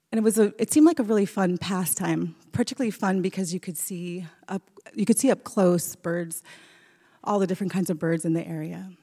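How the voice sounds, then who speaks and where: Woman storyteller in a reverberant hall. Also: lowish voice. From rural Alaska. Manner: warm, conversational, with small restarts. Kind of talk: personal storytelling on stage.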